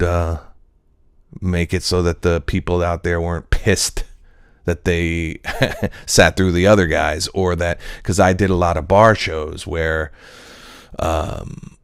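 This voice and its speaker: A man's voice: low-pitched, level tone, takes it slowly, clear, resonant tone, no echo, studio quality. A male comedian and actor in a casual reflective monologue, talking in a loose, rambling, profane way full of fillers.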